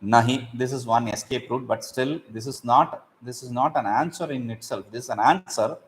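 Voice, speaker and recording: Animated man teaching scripture. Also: medium pitch, moderate pace, poor audio. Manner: animated, acts out examples, chants Sanskrit verses. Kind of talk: explaining Sanskrit verses in a class.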